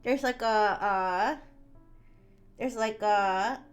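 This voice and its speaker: A woman's voice: mid-range voice, extremely slow, soft background music. A woman streamer chatting casually while she draws, rambling and laughing often, with many restarts.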